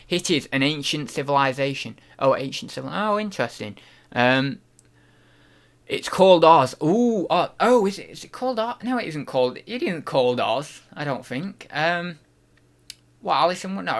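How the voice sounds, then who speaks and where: A man's voice: on the high side, fairly bright tone. A man from the UK hosting a casual livestream, reading out chat questions and thinking aloud, often restarting and unsure of himself.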